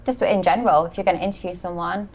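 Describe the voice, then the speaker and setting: A woman's voice: lowish voice, steady tone, fast, a little mellow, a little hiss or hum. A woman guest in a casual interview, speaking frankly and matter-of-factly.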